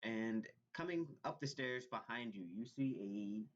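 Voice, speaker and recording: A man's voice: medium pitch, animated, unhurried. A man narrating as game master of a tabletop game, hesitant and full of fillers and restarts. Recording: dull lo-fi recording.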